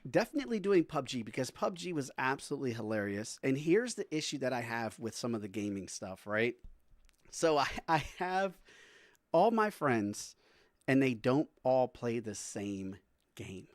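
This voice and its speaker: A man chats easily on a live stream, his voice sitting at an ordinary middle pitch and sounding close and dry with no room around it. He laughs often and drifts between talking to his viewers and coaxing his dog. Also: dry recording. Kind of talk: casual live-stream chat.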